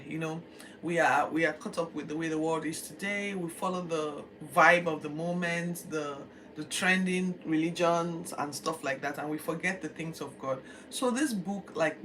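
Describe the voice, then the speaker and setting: A woman, casually retelling a Bible passage as a teacher, with chatty asides. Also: lowish voice. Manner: conversational, animated storytelling with asides. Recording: distant mic, faint background noise.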